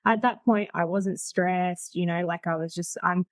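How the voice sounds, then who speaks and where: Woman in her 40s, guest. Chatty, frank storyteller, lowish voice, dry close sound. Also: steady tone, measured pace, no room sound. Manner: chatty, frank, laughs easily. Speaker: podcast guest. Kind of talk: casual storytelling.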